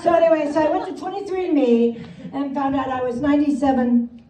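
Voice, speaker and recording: A woman's voice: sits high, brisk, mellow. A woman in her seventies from Wisconsin performing a self-mocking stand-up set with punchy delivery and frequent laughs. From Wisconsin, USA. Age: 70s. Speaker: stand-up comedian. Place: comedy club stage with live audience. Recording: roomy club sound from a distance, crowd audible.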